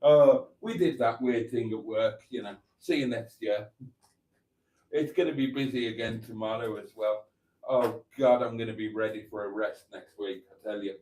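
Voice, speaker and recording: Hosting a casual livestream, a man with a lowish, darkish voice at normal speed reads out viewers' comments, hamming them up in a camp, jokey manner.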